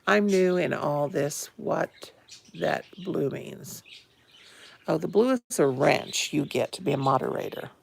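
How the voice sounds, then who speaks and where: Fifties woman hosting a casual phone live stream; low, gravelly and a touch hoarse, friendly chatter. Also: measured pace, slight background noise. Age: 50s. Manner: chatty, greets viewers by name with pet names. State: a bit hoarse. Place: home, indoors.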